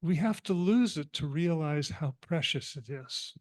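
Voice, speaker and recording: A man giving a sermon as minister, telling a parable in an animated, humorous and reflective way. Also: on the high side, unhurried. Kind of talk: storytelling sermon.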